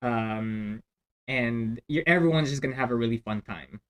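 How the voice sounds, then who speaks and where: Speaking at a moderate pace with a medium-pitched, clean-toned voice, this dungeon master hosts a casual chat among friends while narrating a game story. His talk wanders, full of fillers and sentences he keeps starting over.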